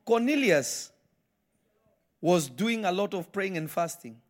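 Guy preaching live in church, high voice that jumps all over, keeps hammering questions at the crowd. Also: lively intonation, slow pace. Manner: emphatic, repeats questions to the congregation. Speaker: pastor. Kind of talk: live sermon.

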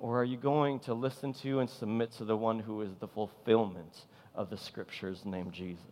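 A man's voice: fairly low pitch, fairly even intonation, moderate pace, darkish tone. A man preaching a sermon as pastor, impassioned and emphatic, driving points home with repeated phrases. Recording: long hall reverb.

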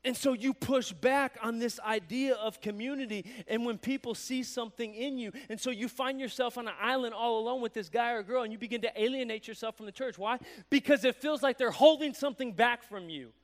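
Animated high-voiced male preacher. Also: fairly quick, hardly any pauses. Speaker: pastor. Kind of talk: sermon.

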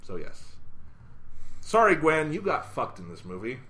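A man co-hosting a podcast, talking in a measured way about a film and reading from his own review. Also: fairly high pitch, wildly swooping pitch, bright, forceful tone. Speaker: podcast co-host. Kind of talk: casual review chat.

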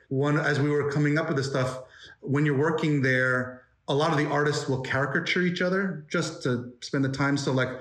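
A man's voice: medium pitch, fairly bright tone. Forties guy from New York, guest on a chat show, loose and rambling, mid-range voice, roomy sound. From New York, United States. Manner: rambling, many fillers and restarts. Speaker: interview guest, animation story artist. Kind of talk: casual interview chat. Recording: roomy echo.

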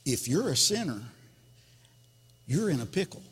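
A man's voice: on the high side, very animated, a little slow, a bit bright, breathy edge. A male pastor preaching a sermon, reading scripture verses and explaining them. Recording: long hall reverb.

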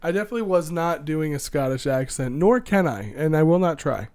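A man's voice: a little high, animated, a little fast, a little mellow, clean tone. A man co-hosting a podcast, chatting casually with lots of giggling and self-mocking jokes. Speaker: podcast co-host. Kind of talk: casual chat.

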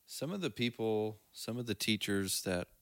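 A man's voice: on the low side, expressive, moderate pace, dry recording. A man co-hosting a casual faith podcast, telling stories with plenty of fillers and easy laughs. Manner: storytelling, laughs easily, trails off with fillers. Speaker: podcast co-host. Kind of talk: casual chat.

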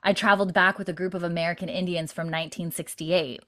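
In casual chat with a co-host, a woman whose voice is on the low side and sharp in tone recaps a TV episode at a quick pace. Her intonation is fairly even as she rambles through fillers and quotes what the characters said.

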